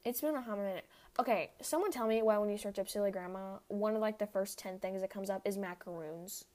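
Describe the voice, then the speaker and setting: A young podcast host talks casually on her own show, rambling with lots of fillers, a heavy reliance on "like," and quick laughs. She speaks at medium pitch with a darkish tone.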